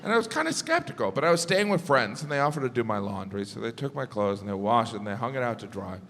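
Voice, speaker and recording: A man's voice: mid-range voice, very animated, fast talker, gravelly, a bit bright. A man performing a stand-up comedy set, telling stories animatedly and acting out both sides of conversations. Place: large theater stage. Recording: live theater with long reverb and audience noise.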